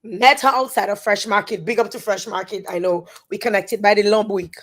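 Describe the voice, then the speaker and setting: A woman with a Dominican accent, talking on a phone live stream. She speaks haltingly and repeats words as she tries to stay composed. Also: medium pitch, steady tone. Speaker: social media influencer. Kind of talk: emotional live-stream monologue.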